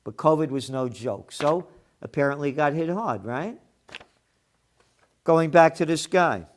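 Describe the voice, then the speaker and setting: A man hosts his own commentary show and tears into the day's headlines. His voice sits a little high, and his tone is blunt and mocking. He swears freely when he gets heated. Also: expressive, a little slow, slight background noise. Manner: blunt, profane and sarcastic, with heated outbursts. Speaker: host of a trends commentary show. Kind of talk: opinionated news commentary.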